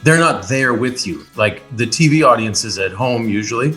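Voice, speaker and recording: A man's voice: mid-range voice, expressive, normal speed, sharp tone, faint music behind. A middle-aged Canadian man, a guest actor, rambling playfully in casual comedic chat on a podcast. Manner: rambling, playful, does silly voices.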